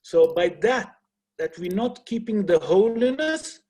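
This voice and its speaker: A man's voice: high voice, lively intonation, unhurried, dark tone, slightly rough. A man who is a rabbi teaching an online class over a video call. He talks earnestly, asks rhetorical questions and uses non-native English grammar.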